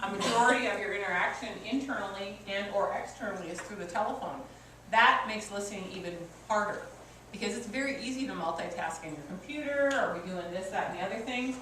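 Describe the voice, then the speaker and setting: A woman's voice: medium pitch, fast, pushed and bright, far from the mic. Woman, workshop coach, chatty storytelling delivery, very echoey room, faint background hum. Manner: conversational, anecdotal teaching. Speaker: customer service coach. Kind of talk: workshop presentation. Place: meeting room with an audience.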